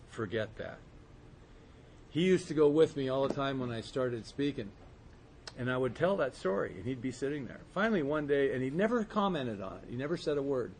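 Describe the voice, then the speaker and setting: A man's voice: mid-range voice, a little hiss or hum. Earnest man telling a recovery story. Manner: earnest storytelling, soft and slow in quiet moments. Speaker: speaker sharing his recovery story. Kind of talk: personal testimony talk to a group.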